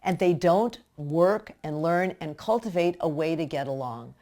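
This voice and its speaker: A woman's voice: sits low, expressive, a little slow, dark tone. A woman giving practical, direct advice to parents in a teaching talk. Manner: direct, practical, acts out parent and child voices. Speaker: parenting educator.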